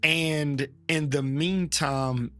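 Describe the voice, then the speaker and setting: A Baptist preacher appears as a guest in a casual, opinionated chat, speaking frankly and animatedly, joking and imitating other people's voices. His fairly high, bright, forceful voice keeps fairly even intonation but drops into slow, emphatic phrasing, with faint music behind.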